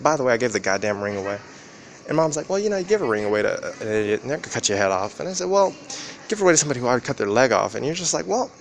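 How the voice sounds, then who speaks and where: Man, fast rambling vlog talk, swearing a lot, loud ambient noise behind. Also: creaky. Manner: profane, rambling, acts out quoted exchanges with pitch jumps. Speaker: vlogger. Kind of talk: rambling monologue to camera.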